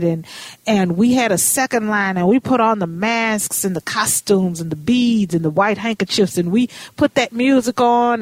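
A woman's voice: mid-range voice, dry recording. Chatty woman radio host, dry studio sound. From Minnesota. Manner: chatty, warm-hearted, calls guest honey and baby. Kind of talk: casual radio talk.

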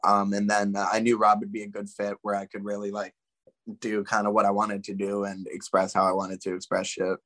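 Canadian man, wrestler guest, relaxed and profane, filler-heavy. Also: lowish voice, a little fast, no room sound. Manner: laid-back, profane, many fillers. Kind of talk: casual interview chat.

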